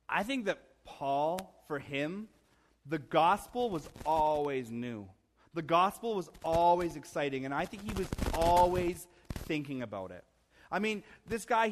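A man's voice: high voice, noisy background. A man in his thirties, a pastor preaching a sermon in a church, conversational with humorous asides and emphatic rises. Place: church sanctuary.

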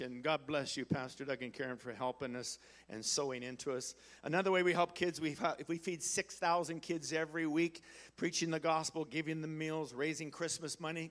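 Older Canadian preacher, folksy storyteller, slightly higher voice, swings from hushed to loud. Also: male voice. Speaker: guest preacher and missionary. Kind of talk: sermon.

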